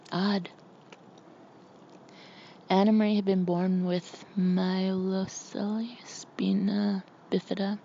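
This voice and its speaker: A woman narrating an audiobook in a steady, measured reading. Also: medium pitch, vocal fry, slight background noise. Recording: slightly muffled recording.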